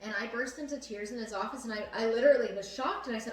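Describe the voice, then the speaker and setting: A woman's voice: a little high, fast talker. A young adult woman hosting a casual chat, talking earnestly with many fillers. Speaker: host. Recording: echoey room, mic at a distance.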